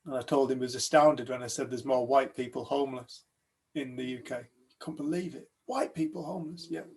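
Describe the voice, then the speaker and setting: Animated British male storyteller, gravelly voice, acts out the dialogue. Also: mid-range voice, brisk. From United Kingdom. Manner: animated storyteller, acts out other people's lines. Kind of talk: telling a personal story to a group.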